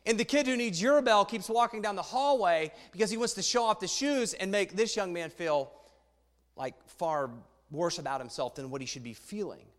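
Lively high-voiced preacher in a hall. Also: male voice, normal speed. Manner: lively, conversational, asks the audience questions. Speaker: pastor speaking to a youth congregation. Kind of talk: sermon with a read-aloud story. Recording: long reverb in a church hall.

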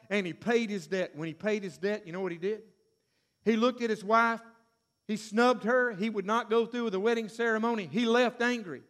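A man with a high-pitched voice delivers a storytelling sermon. He acts out the characters and breaks into sudden shouts. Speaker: preacher.

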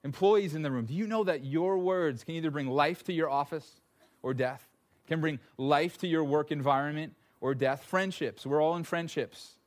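A man's voice: fairly high pitch, normal speed. A man preaching a sermon to a congregation, telling stories with self-deprecating jokes. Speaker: pastor.

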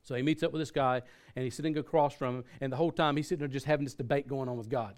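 A man's voice: medium pitch, fairly even intonation, racing, hardly any pauses. A man preaching a sermon in a conversational way, often restarting his sentences and using fillers. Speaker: pastor.

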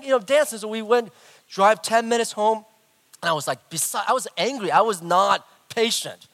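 A middle-aged man preaching a sermon, telling a personal story in an animated way and acting out the voices. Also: high-pitched, normal speed, vocal fry. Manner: animated, acts out voices, big swings in loudness. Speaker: pastor.

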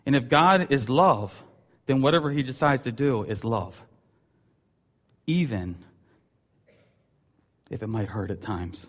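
A man in his thirties preaching a sermon as a pastor, telling stories with a voice that jumps up sharply for emphasis. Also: medium pitch. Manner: animated storytelling, voice rising sharply for emphasis. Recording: long hall reverb.

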